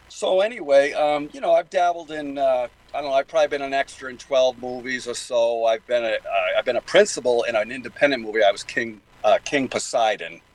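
A man's voice: mid-range voice, poor audio. An older man with a Boston accent, talking at length as a guest in a casual interview, rambling with many fillers and restarts. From New England.

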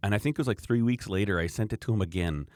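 Man, low voice, rambling casual storyteller, acts out quoted customers, dry close mic. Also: racing, darkish tone, dry recording. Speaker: podcast co-host, knife maker. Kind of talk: casual chat.

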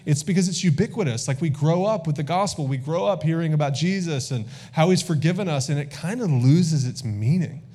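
A man's voice: fairly high pitch, fairly quick, hardly any pauses, husky. Pastor in his thirties preaching. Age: 30s. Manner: lively call-and-response preaching, asks the congregation for amens. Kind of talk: sermon. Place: church sanctuary.

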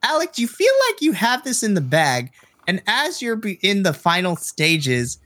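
A man's voice: high-pitched, very animated, a little slow, sharp tone, no room sound. A man running a tabletop game, chatty and laughing often as he explains his rulings. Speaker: game master.

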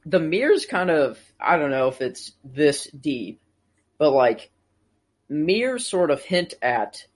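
A man's voice: a little high, big pitch swings, slow. A man in casual chat, tentatively musing over fan theories.

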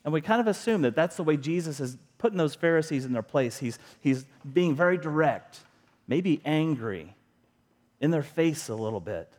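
A man's voice: on the high side, sing-song, moderate pace, darkish tone. A middle-aged man preaching a sermon as a pastor, talking to the congregation in an earnest, conversational way and asking rhetorical questions.

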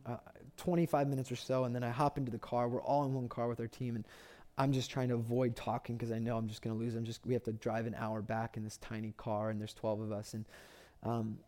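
A man's voice: medium pitch, level tone, quick pace, dark tone. A man, a pastor preaching a sermon with impassioned storytelling and repeated phrases for emphasis.

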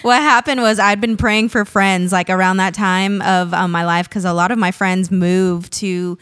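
A woman's voice: medium pitch, steady tone, moderate pace, smooth, no echo. Laughing woman guest, dry close sound. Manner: laughs often, warm affirmations. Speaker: guest photographer. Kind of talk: casual chat.

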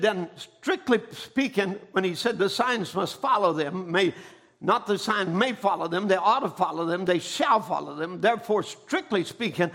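Male preacher, very high, bright voice, shouts his points and punctuates them with amens. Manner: rising into shouted emphasis, calling for amens. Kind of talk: sermon.

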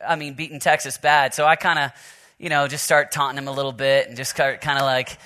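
A man's voice: medium pitch, little pitch movement, brisk, pushed and bright. A man from Oklahoma preaching a sermon at a men's conference, moving from joking stories to earnest prayer and scripture reading. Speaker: pastor.

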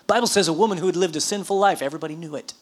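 A woman preaching a sermon, telling a scripture story in a lively, animated way with questions to the congregation. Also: lowish voice, rapid-fire. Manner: animated storytelling with audience prompts and laughter.

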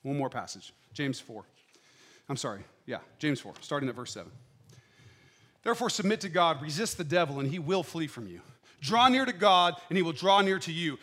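High-pitched guy preaching in church, fired up then dropping real quiet. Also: big pitch swings, normal speed. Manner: impassioned, swings from loud declarations to quiet asides. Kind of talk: sermon.

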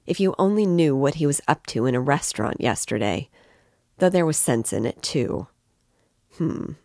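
Woman reading as a calm, thoughtful young man. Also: sits low, moderate pace, no room sound, clean studio sound.

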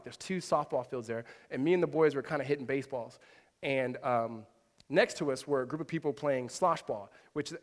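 A man in his thirties preaching a sermon, telling lively personal stories with humorous asides. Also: sits high. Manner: animated storytelling with asides and self-deprecating humor. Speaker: pastor. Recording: long reverb of a large hall.

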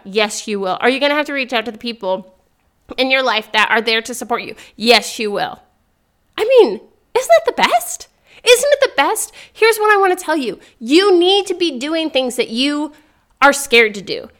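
Young female podcast host, faith talk, upbeat and earnest, slightly high voice. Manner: earnest, upbeat, laughs often, excitable rises.

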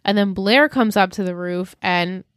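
Animated woman recapping a show. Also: medium pitch, no room sound, clean studio sound. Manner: animated, acts out quotes in quick bursts. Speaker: podcast co-host recapping a TV episode. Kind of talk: casual chat.

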